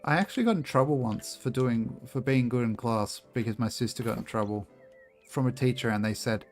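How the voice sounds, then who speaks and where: Young aussie streamer bloke, jokey and sweary, faint music behind. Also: male voice, mid-range voice, a little fast. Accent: Australian. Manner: loose and joking, swears freely, laughs often. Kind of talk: casual gameplay commentary, chatting with viewers.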